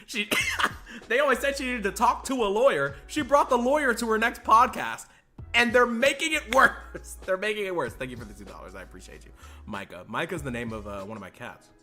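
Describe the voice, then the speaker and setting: Brief: adult reaction streamer, bright-toned and animated, incredulous and prone to swearing. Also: medium pitch, a little fast, soft background music. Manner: loud, incredulous, laughing, swearing. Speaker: streamer reacting to a podcast clip. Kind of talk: live reaction commentary.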